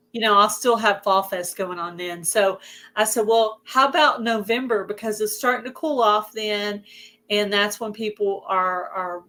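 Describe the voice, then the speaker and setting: A woman with a Southern US accent hosting a casual livestream chat. Her voice is hoarse, and she chats away and greets viewers by name. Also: medium pitch, sharp tone. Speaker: host of a livestream.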